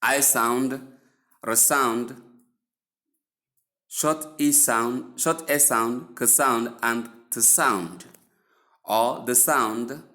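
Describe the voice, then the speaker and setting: Male pronunciation teacher, unhurried and deliberate, spells words out letter by letter, mid-pitched voice. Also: bright, forceful tone. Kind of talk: spoken English lesson.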